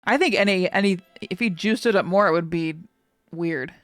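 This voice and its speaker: A woman streamer reacting to a game on a live stream, chatting casually and gushing excitedly, her talk full of "like" fillers. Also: fairly low pitch, moderate pace, no room sound.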